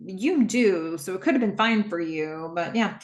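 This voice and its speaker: A woman's voice: mid-range voice, animated, a little slow, close to an everyday voice. A woman quoting a taunting menacing hitchhiker. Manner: taunting, casually threatening quotes. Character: menacing manipulative male hitchhiker.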